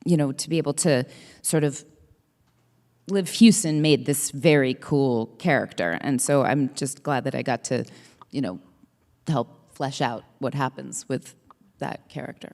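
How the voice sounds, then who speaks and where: A woman with a very low, gravelly voice talks on a stage panel, halting and searching for words. Her casual chat has a long reverb from a large auditorium. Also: darkish tone. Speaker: actor on a panel.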